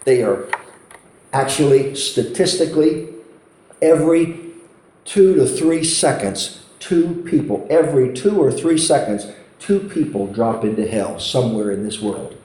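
A man's voice: mid-range voice, animated, a little slow, mellow. A man preaching a sermon, telling a story with impassioned, pleading emphasis. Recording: roomy hall echo.

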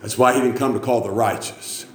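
Guy preaching revival, gets loud and fired up, big echoey church. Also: fairly even intonation, brisk, a little hiss or hum. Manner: swings from quiet storytelling to shouted, high-pitched fervor. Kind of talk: revival sermon.

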